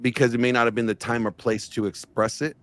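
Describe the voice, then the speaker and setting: A man talks through his argument in a casual streamed discussion, pausing on fillers and restarting sentences. The sound is dry and close, with his voice at an ordinary middle pitch. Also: level tone, a bit bright, no room sound. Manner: hesitant, explanatory, many fillers. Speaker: panelist in a stream debate.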